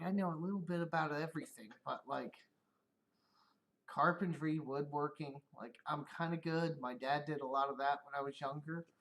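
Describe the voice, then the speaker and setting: A man's voice: fairly high pitch, fairly bright tone. Profane, rambling middle-aged man. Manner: profane, rambling, laughs often. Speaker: streamer. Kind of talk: casual livestream rant.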